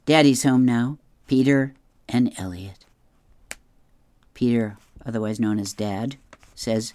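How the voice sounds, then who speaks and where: Deep-voiced woman reading the funnies. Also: takes it slowly, long pauses. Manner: relaxed, amused, describing each panel. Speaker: comic strip reader. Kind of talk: reading newspaper comics aloud.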